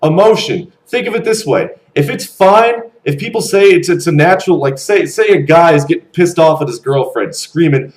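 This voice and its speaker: A young man around twenty ranting bluntly to camera, animated and swearing freely. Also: fairly high pitch, moderate pace, hardly any pauses, low-quality recording. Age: young adult. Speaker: vlogger. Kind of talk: casual rant to camera.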